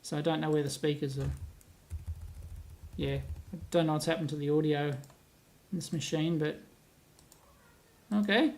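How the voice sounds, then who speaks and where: An Australian man hosting a casual livestream. He reads viewer comments aloud, laughs often and rambles as he thinks out loud. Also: a little high, steady tone, normal speed, creaky, long pauses. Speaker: livestream host. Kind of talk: casual live-stream chat, reading viewer comments aloud. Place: at home on a laptop, away from his office.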